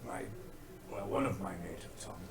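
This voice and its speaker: A man's voice: low voice, fairly even intonation, fairly quick, gravelly. A man playing his character at a tabletop game in a game store, blunt and dry. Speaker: player. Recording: crowd chatter in a game store.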